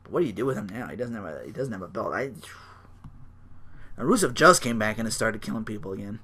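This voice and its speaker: Excitable man recapping wrestling. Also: fairly low pitch, fast talker, husky. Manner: excitable, laughing, acts out wrestlers' voices. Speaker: podcast host. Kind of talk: casual solo wrestling recap.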